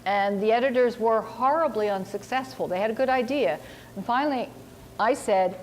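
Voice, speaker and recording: A woman novelist with a fairly high, darkish voice speaks at a moderate pace at a university seminar, casually answering audience questions. She's chatty and self-mocking, acting out the remarks she quotes, with slight background noise.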